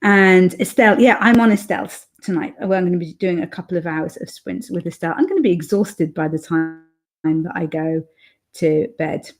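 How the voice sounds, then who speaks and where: A woman's voice: fairly low pitch, normal speed. Chatty woman hosting a stream. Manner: chatty, reads viewer comments aloud with frequent fillers. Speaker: author and livestream host. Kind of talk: casual live stream chat.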